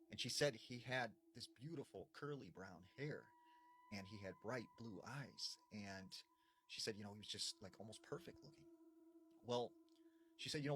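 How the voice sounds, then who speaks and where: A man's voice: lowish voice, a bit bright, slight background noise. A young man casually retelling scary stories, chatty and full of "you know" and "like". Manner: conversational, retells accounts with lots of "you know" and "like". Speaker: storyteller. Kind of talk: creepy storytelling.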